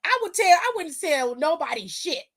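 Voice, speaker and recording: A woman hosting a casual wrestling aftershow, animated and profane, talking loudly and laughing often. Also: sits high, moderate pace. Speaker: host.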